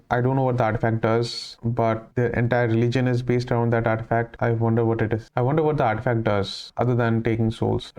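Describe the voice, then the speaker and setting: A man talks through his reactions in a relaxed, musing way, sharing thoughts as they come to him. His voice is smooth and resonant and sits at an ordinary middle pitch. It sounds like a casual solo reaction commentary. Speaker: reaction channel host.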